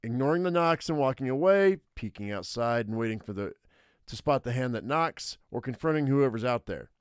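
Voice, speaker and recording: A man reads an interactive survival story aloud on a live stream, stumbling over words and correcting himself as he goes. His voice sits at an ordinary middle pitch. The sound is dry and close, with no room around it. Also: lively intonation, clear, resonant tone, no room sound. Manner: halting reading with fillers and self-corrections. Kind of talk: live reading of a text game.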